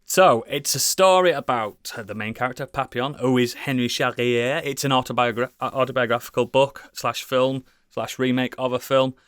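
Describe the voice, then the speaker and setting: A man's voice: medium pitch, normal speed, hardly any pauses, fairly bright tone, smooth, no room sound. British guy rambling on a podcast, swears a lot, keeps restarting, very dry close sound. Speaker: podcast co-host. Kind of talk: casual chat.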